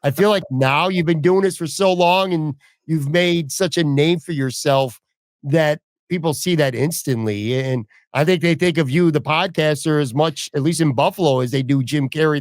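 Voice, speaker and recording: A man's voice: a little high, normal speed, no room sound, studio quality. A man hosting a casual podcast interview, asking long rambling questions with speech. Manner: chatty, rambling questions with fillers. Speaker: podcast host.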